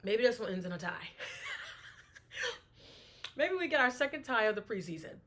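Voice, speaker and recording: A woman's voice: fairly high pitch, sing-song, rapid-fire, fairly bright tone. A woman hosting a casual solo sports talk show, chatting and thinking aloud, often restarting her sentences.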